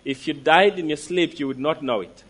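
Emphatic male preacher, higher voice. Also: a bit bright. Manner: emphatic, with slow stressed declarations; asks the listeners direct questions. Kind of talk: sermon.

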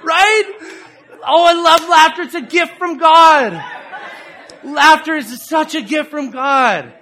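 A middle-aged man preaching a sermon, animated and playful, acting out other people's voices and laughs as he tells stories. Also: extremely high pitch, a little slow, a faint crowd, slight background noise.

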